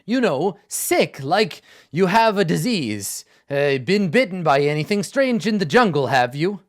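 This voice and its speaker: A man voicing a huge, stern but bumbling male camp commander in a tabletop game, gruff and suspicious. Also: high voice, very animated, a little slow, pitched above the performer's own voice. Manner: gruff and suspicious, easily distracted.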